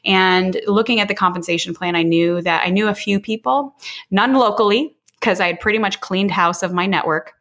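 A woman's voice: medium pitch, moderate pace, a bit bright. A woman in her forties from Illinois, telling her own story as an interview guest in a frank, casual way with some mild swearing. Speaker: podcast guest. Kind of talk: candid personal storytelling.

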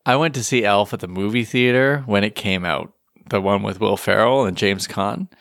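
Low-voiced man, dry close podcast sound. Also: normal speed, vocal fry, a bit bright, no room sound. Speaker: podcast co-host. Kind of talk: casual chat.

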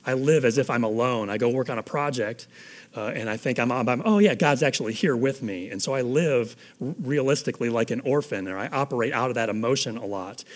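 A middle-aged man preaches in an earnest, conversational way, as if talking things through with the people in front of him. His voice sits at an ordinary middle pitch for a man. His delivery stays plain and sincere rather than showy. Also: fairly quick. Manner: earnest, conversational, grows soft and hushed toward the end. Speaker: pastor. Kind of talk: sermon.

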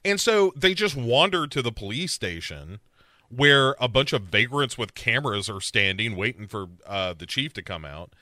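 A man with a lively, bouncing delivery and a bright, forceful edge, chatting casually as a podcast co-host. He jokes and laughs often while recapping a show. The sound is dry and close, with no room around it. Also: medium pitch, moderate pace, no echo. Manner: joking, laughs often, mimics characters in silly voices.

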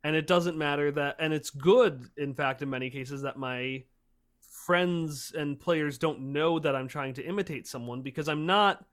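A man who runs tabletop games, explaining his approach in casual podcast chat with lively energy. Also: fairly high pitch, moderate pace. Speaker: tabletop game master.

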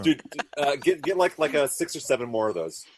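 A man's voice: medium pitch, big pitch swings, fairly quick, crowd noise. A man co-hosting a podcast, joking crudely and laughing often in rowdy casual banter. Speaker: podcast co-host.

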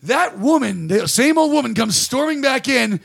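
A man's voice: very high voice, animated, moderate pace, gravelly, fairly bright tone, husky. A man hosting a podcast, telling a rambling, profane, self-deprecating story about a bad comedy gig in casual chat. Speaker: podcast host and stand-up comic.

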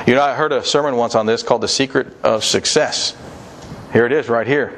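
A man's voice: medium pitch, brisk, a bit bright. A man preaching a sermon, reading scripture and urging listeners in an earnest, repetitive way.

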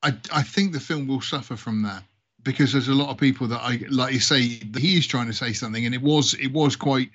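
A man's voice: medium pitch, fairly quick, fairly bright tone, highs cut off. A British man casually chatting about films as a podcast co-host, rambling and jokey. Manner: rambling, jokey, laughs often.

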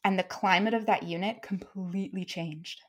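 A woman in her thirties talks openly and warmly as a podcast guest, sharing stories from her own experience. She laughs easily between thoughts, and her voice sits at an ordinary middle pitch. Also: steady tone, normal speed, husky. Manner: open and emotional, laughs often while telling stories. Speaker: guest, military commander and leadership coach. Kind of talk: candid conversational storytelling.

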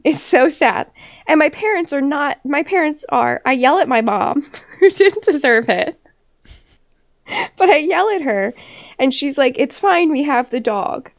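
A woman's voice: high-pitched, expressive, a little slow, pauses often. A woman podcast co-host telling a story in casual chat, swearing freely and laughing often. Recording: dull lo-fi recording.

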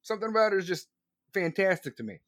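A man streaming live, chatting casually and profanely to his audience, excitable and laughing between remarks. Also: high-pitched, fast, dry recording, studio quality.

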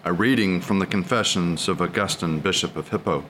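A man giving a steady, reverent recitation of prayers and a devotional reading in a liturgical service. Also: sits low, fairly quick, a little hiss or hum.

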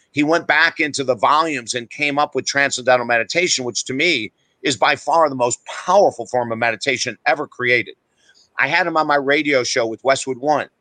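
A man's voice: fairly high pitch, pushed and bright, no echo, rough recording. A middle-aged man, a guest author on a podcast, telling stories in an emphatic, blunt and self-deprecating way. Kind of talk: animated podcast storytelling.

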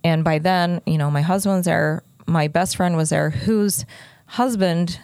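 A woman's voice: lowish voice, darkish tone, smooth, no room sound. A middle-aged woman telling a personal story in casual podcast talk, retelling the conversations at length. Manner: fast, breathless retelling with lots of quoted dialogue.

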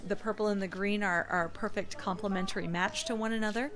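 A woman's voice: mid-range voice, steady tone, fast. Playful woman running a tabletop game. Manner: playful, laughs often. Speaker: game master.

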